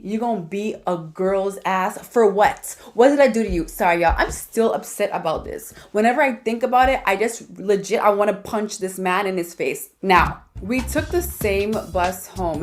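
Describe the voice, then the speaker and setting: A woman telling a personal story in a casual, comedic, animated way, talking straight to viewers. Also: medium pitch.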